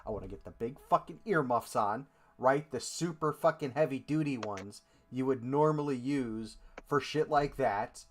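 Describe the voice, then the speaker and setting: A man with a middle-range voice talks in casual podcast chat. He gets excitable and swears freely as he goes. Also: mid-range voice, normal speed. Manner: sweary, laughs easily, excitable. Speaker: podcast co-host.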